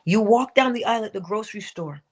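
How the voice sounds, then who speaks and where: This woman hosts a morning inspiration stream, speaking fast at a medium pitch with a slightly mellow tone. She asks her listeners rhetorical questions, acts out the things people say, and sometimes drops to a whisper.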